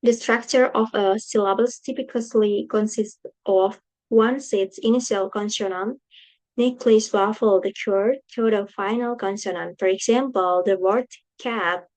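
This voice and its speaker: A woman's voice: mid-range voice, darkish tone, low-quality recording. A young woman with an Indonesian accent, whose first language is Indonesian, reading a class presentation aloud carefully, with slips and restarts. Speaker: student presenting coursework.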